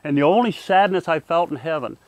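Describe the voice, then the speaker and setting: An older man telling a personal testimony in an earnest, halting way, often repeating words and dropping quieter at serious points. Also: no echo. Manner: halting, repeats words while searching for them; earnest, softens and drops low at serious moments. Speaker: war veteran recounting a near-death experience.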